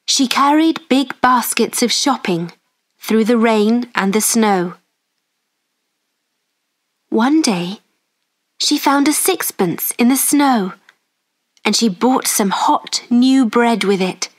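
Lady reading a learner storybook, slow and clear, fairly high voice. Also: lively intonation. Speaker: story narrator. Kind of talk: slow graded-reader narration.

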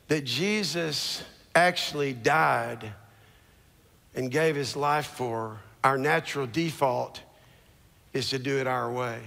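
A man preaching a sermon as a church's founding pastor on a large stage, swinging from low murmurs to shouted declarations. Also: big-room sound.

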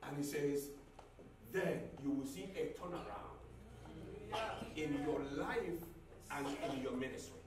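A man preaching a sermon as a pastor, repeating phrases and building up to shouts. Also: fairly high pitch, slow pace, long pauses, crowd noise. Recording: echoey hall, mic at a distance.

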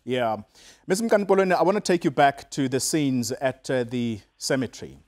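Probing South African news anchor. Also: male voice, medium pitch, normal speed, a little mellow. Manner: pressing, skeptical questioning. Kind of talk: live television interview.

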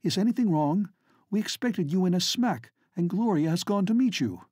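A man voicing a bold, quick-witted young Highland noblewoman who gives urgent commands, in an audiobook. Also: lively intonation, a little mellow, husky, dry recording, clean studio sound. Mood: tense, low. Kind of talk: audiobook character voice.

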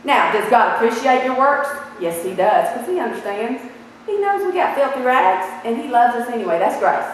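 A woman preaching a sermon in an animated way, putting questions to her listeners. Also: on the high side, normal speed, slight background noise. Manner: animated, asks the audience questions. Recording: echoey hall from far off.

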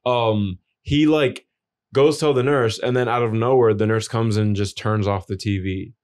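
A man's voice: fairly low pitch, steady tone, normal speed, a little mellow. A young man co-hosting a podcast, telling long, rambling stories in casual chat and swearing often. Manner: rambling, profane storytelling. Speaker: podcast co-host.

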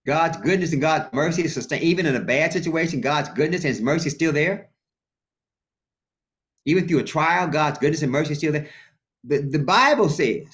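A male pastor preaching a sermon in a colloquial, animated way and calling out to his congregation. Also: on the high side. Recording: muffled lo-fi sound.

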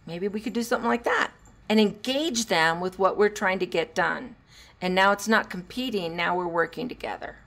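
A woman's voice: lowish voice, normal speed, gravelly, a bit bright. A middle-aged woman hosting a solo parenting podcast. She talks earnestly, coaches her listeners and sometimes acts out what a parent would say. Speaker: podcast host.

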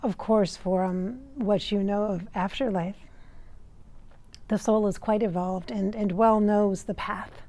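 An American woman working as a spiritual medium, relaying messages in a channeling session in a halting way, searching for words. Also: medium pitch, fairly even intonation, dark tone. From United States.

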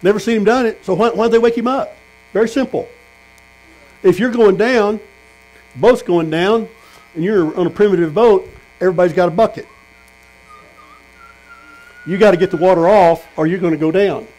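A man's voice: high voice, moderate pace, pauses often, a little mellow, low-quality recording. A man preaching a sermon at a tent meeting, telling stories and putting questions to the congregation. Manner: storytelling, asks the congregation questions.

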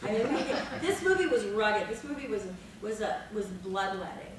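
A woman in her fifties, an actress on a panel, telling behind-the-scenes stories in a lively, dramatic way, laughing and swearing freely. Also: medium pitch, normal speed. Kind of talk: animated anecdotal storytelling. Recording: echoey room, mic far off, noisy.

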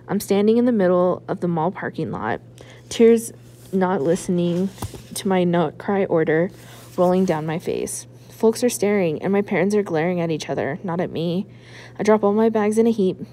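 A woman librarian reading a children's novel aloud, with expressive first-person narration. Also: medium pitch, moderate pace, a little hiss or hum. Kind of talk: children's book read-aloud.

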